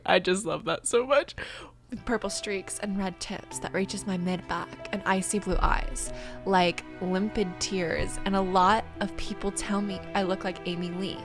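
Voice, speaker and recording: A woman's voice: mid-range voice, creaky, fairly bright tone. A young woman reading a fan story aloud, with sarcastic, playful asides. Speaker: YouTuber. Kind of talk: reading a fanfic aloud with comedic commentary.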